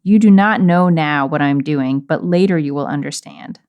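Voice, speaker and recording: A woman reading a calm teacher's lines aloud from scripture, slightly lower and measured. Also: clean tone, highs cut off, natural voice. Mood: solemn.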